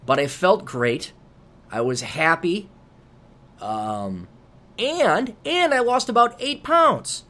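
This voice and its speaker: A man's voice: lively intonation, slow pace. A man, hosting a podcast and telling a profane, rambling story in a casual monologue. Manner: profane, rambling storytelling with big swings in pitch and loudness. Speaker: podcast host.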